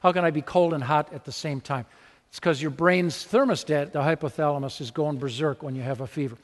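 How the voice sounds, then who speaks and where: Animated preacher man in a reverberant church. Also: on the high side, fairly quick. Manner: conversational and animated, acting out little scenes. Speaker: pastor. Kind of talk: sermon.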